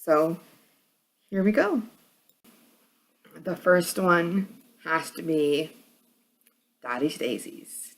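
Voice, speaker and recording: A woman's voice: on the low side, lively intonation, extremely slow, long pauses. A woman with a New York accent chatting casually as a vlogger, with a hard, edgy voice and a rambling way of talking. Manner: rambling, many fillers and restarts. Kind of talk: casual chat.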